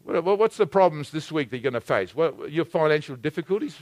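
A man preaching a sermon, swinging between loud exhortation and hushed, intimate asides. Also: a little high, lively intonation, quick pace, no room sound.

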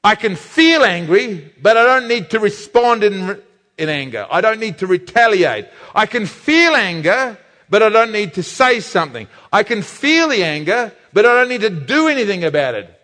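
A man preaching a sermon emphatically, slowing down to stress key phrases. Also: high-pitched, big pitch swings, pushed and bright. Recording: reverberant hall.

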